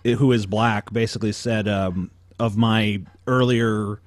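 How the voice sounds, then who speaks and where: A man's voice: lowish voice, measured pace, no echo. A man co-hosting a casual podcast, commenting on a clip and breaking into profane rants. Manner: profane, ranting, animated. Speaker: podcast co-host.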